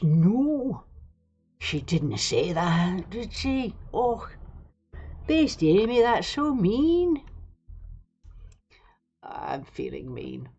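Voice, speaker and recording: A woman with a deep, slightly mellow voice hosts a live stream, offering casual commentary that rambles, digresses and turns sarcastic. The audio sounds dull.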